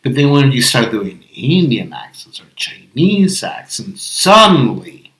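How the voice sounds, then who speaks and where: A man's voice: mid-range voice, big pitch swings, unhurried, fairly bright tone. A man co-hosting an improv podcast who learned English as a second language, reasoning aloud earnestly with a few restarts. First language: not English. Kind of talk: casual discussion. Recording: echoey room.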